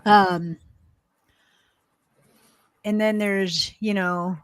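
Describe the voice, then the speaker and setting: With a clear, resonant mid-range voice and a steady tone, a woman draws out her words in her Alabama accent. She's from Alabama and co-hosts a livestream, rambling through casual chat, laughing frequently and now and then swearing; there's no echo.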